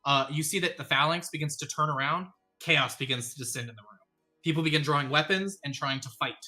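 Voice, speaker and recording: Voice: mid-range voice, quick pace, sharp tone, faint music behind. A game master narrating a tabletop game in a rambling way, with many ums and uhs.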